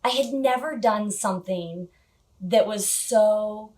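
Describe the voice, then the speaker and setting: A woman's voice: medium pitch, takes it slowly, darkish tone. Chatty woman vlogger, laughing easily. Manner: chatty, frequent little laughs and filler words. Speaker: motorcycle gear vlogger. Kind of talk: casual storytelling to camera.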